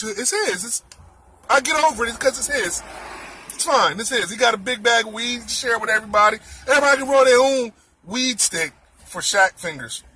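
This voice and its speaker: A man telling a comic story in an animated, exclaiming way, repeating his words. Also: high voice, breathy edge.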